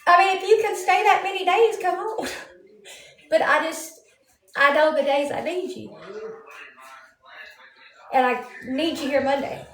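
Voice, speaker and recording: A woman's voice: very high-pitched, steady tone, measured pace, pauses often, fairly bright tone. A woman chatting casually with her livestream viewers, rambling and yawning. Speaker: livestream host. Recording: roomy echo.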